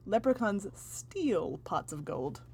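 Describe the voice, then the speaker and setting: A woman's voice: mid-range voice, sing-song, slow pace, mellow, slightly rough. A woman co-hosting a podcast in casual, comic chat, teasing and giggling often. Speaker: podcast co-host.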